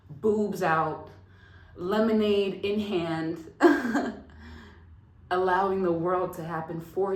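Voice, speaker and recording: A woman hosting a casual self-help vlog, talking straight to her viewers with lively, affirming energy and frequent laughter. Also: lowish voice. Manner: animated, laughs often, affirming. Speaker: vlog host. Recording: roomy echo.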